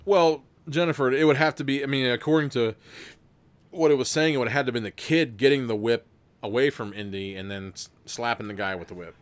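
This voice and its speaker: A man's voice: medium pitch, fairly quick. A man hosting a livestream, reading a gamebook aloud casually, rambling and laughing between passages. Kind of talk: livestream gamebook narration with chat votes.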